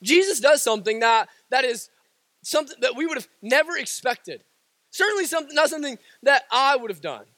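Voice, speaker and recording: A man's voice: very high-pitched, very animated, a little fast, sharp tone, dry recording. A man preaching a sermon with passion, driving points home through repetition and casual asides.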